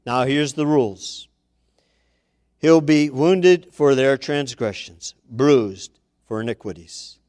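A man's voice: mid-range voice, takes it slowly, darkish tone, lightly acted. A man voicing God the Father as a stern, commanding male figure who lays down the rules in a dramatic sermon poem. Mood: majestic. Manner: majestic, laying down the rules.

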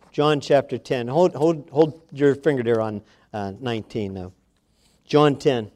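A man's voice: medium pitch, a little slow, a little mellow. A man preaching a sermon to a congregation, reading scripture aloud and speaking to his listeners directly with emphasis.

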